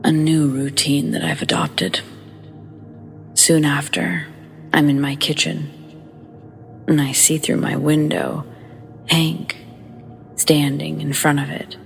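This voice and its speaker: A woman narrates a scary story in a low, gravelly voice. She speaks slowly and flatly, keeping a hushed and somber tone. Faint music plays under her.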